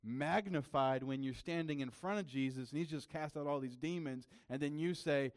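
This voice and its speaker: A man's voice: fairly high pitch, moderate pace, hardly any pauses. A young adult man preaching a sermon as a pastor in a casual, conversational way, with many fillers.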